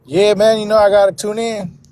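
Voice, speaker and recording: A man's voice: sits high, little pitch movement, a little fast, darkish tone, slight background noise. A man calling into a live stream after work, laid-back and calling everyone brother. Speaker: caller. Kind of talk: casual call-in chat.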